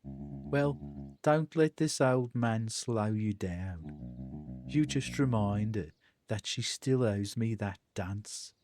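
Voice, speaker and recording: A man doing a slow, low-voiced old shopkeeper. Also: expressive, vocal fry, darkish tone, faint music behind, full character voice. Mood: warm. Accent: Scottish.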